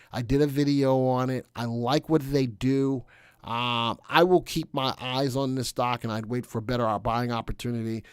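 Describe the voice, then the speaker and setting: A man's voice: mid-range voice, clear, resonant tone, no room sound, clean studio sound. Chatty male stock-market livestream host. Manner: relaxed, chatty, reads live chat aloud. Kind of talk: casual live-stream stock commentary.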